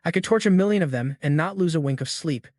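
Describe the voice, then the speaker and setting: A man's voice: on the high side, animated, fast, no room sound, clean studio sound, lightly acted. A man voicing a scornful teenage girl. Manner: resentful, sharp-tongued.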